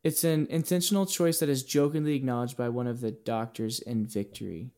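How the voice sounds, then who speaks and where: A man's voice: medium pitch, steady tone, fairly quick, darkish tone. A man co-hosting a podcast, rambling with restarts and filler words in casual chat. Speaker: podcast co-host.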